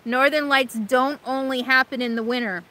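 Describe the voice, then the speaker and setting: A woman's voice: high voice, steady tone, moderate pace, sharp tone, rough recording. A woman hosting a casual live stream, reading viewer comments and chatting in a rambling, emotional way full of fillers and restarts. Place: RV camp in Alaska.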